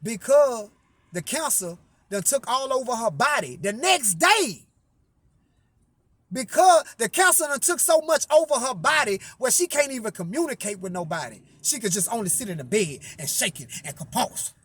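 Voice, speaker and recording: A man's voice: very high-pitched, sing-song, moderate pace, a bit bright, slightly rough, no room sound. A man telling a personal story in a profane, emphatic way, framing each quote with "I say". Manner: repeats "I say" to frame quotes, emphatic.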